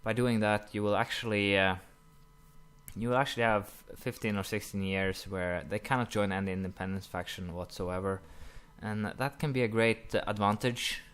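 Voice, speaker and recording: Young guy chatting over his strategy game, kinda low voice, lots of uh's. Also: steady tone, moderate pace, a bit bright, smooth. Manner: rambling, many "uh" fillers, apologetic asides. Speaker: gaming commentator. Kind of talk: casual let's-play commentary.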